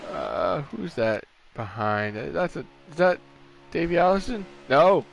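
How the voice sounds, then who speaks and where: A man's voice: fairly high pitch, lively intonation, unhurried, creaky, slight background noise. A tired man doing casual play-by-play commentary for an online racing stream, rambling and correcting himself as he goes. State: tired, yawning. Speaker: race commentator.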